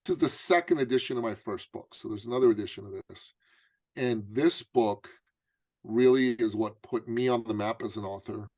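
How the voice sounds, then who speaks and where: A man's voice: mid-range voice, normal speed, dry recording. A man, a business coach and author, telling a story in an interview and acting out the dialogue. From Canada. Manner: animated storyteller, acts out dialogue.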